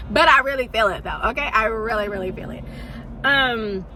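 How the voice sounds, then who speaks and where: A young woman chatting casually to her viewers in a book vlog, expressive and gushing, laughing often as she talks straight to them. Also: on the high side, measured pace, slight background noise. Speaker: book vlogger.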